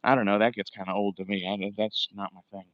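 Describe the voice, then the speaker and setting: A man's voice: on the low side, fairly even intonation, fast, no room sound. Guy walking and streaming outside, cursing and ranting, kinda winded, muffled dry phone sound. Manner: profane, rambling, ranting. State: a bit out of breath from walking. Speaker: livestreamer. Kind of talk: casual walking livestream. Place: outdoors, walking by a waterfront.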